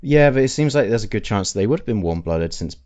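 A man co-hosting a casual podcast, joking around, laughing often and trailing off quietly. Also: fairly low pitch, lively intonation, quick pace. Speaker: podcast co-host. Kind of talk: casual chat.

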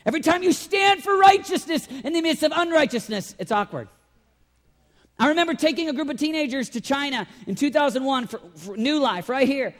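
A man preaching a sermon as pastor, talking in an animated way and swinging from loud emphasis to quiet intensity. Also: very high-pitched, fairly quick, few pauses. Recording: long hall reverb.

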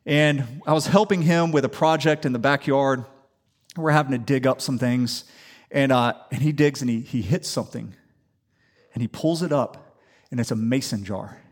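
A man from the Atlanta area preaching a sermon in a church, telling stories and building up to loud declarations. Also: medium pitch, moderate pace. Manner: animated storytelling, rising to loud declaration. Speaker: pastor. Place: church sanctuary.

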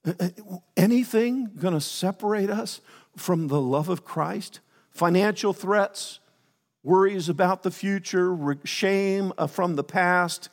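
A man's voice: sits high, a little slow. A man preaching a sermon in a church, rambling and breaking off his sentences to add joking asides. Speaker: pastor. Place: church sanctuary. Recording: long hall reverb.

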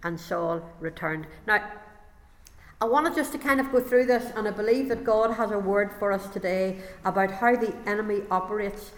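A woman's voice: mid-range voice, moderate pace. A woman preaching a sermon and reading scripture aloud, lifting her voice dramatically for the quoted lines. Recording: long hall reverb.

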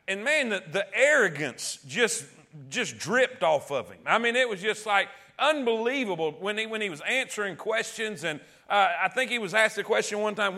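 Guy teaching bible study, high bright voice, emphatic and chatty, keeps restarting. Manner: emphatic, conversational, frequent restarts.

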